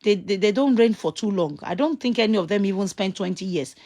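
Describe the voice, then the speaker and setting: A woman's voice: medium pitch, brisk. A woman with a Nigerian accent talking casually to viewers, rambling as she reminisces and searching aloud for names. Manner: grows loud and excited when a memory comes back.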